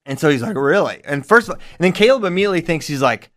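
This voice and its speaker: A man with a lively, animated voice that swoops around as he talks, co-hosting a casual podcast. He tells stories with energy and acts out the voices of the people in them. His pitch sits a bit higher than most men's. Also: very fast. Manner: animated storytelling, acts out quotes. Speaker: podcast co-host and wrestling coach. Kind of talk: casual chat.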